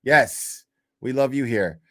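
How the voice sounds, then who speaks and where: A man's voice: mid-range voice, slow pace, sharp tone. A man hosting a livestream, chatting casually in profane, rambling, jokey rants. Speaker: livestream host.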